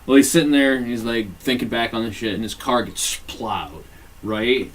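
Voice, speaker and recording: A man's voice: medium pitch, normal speed, recorded from a distance, slight background noise, poor audio. Guy on a podcast, cussing a lot, acts out the lines, sounds a bit off mic. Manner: profane, animated retelling with acted-out quotes. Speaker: podcast co-host. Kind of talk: casual chat reviewing a TV show.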